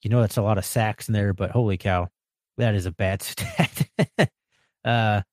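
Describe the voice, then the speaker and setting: A man's voice: mid-range voice, darkish tone, no room sound, studio quality. A man hosting a sports podcast, recapping a football game in a chatty way, rattling off stats with fillers.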